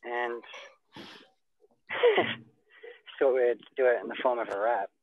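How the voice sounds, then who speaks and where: A man accepting an award and speaking as a guest on a video call. He talks in a relaxed, hesitant way and says "you know" often. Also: medium pitch, slow, narrow, tinny audio.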